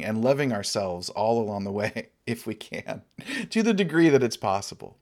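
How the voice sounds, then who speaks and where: A man, a Dharma teacher, giving a relaxed, conversational Dharma talk and laughing often. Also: lowish voice, normal speed.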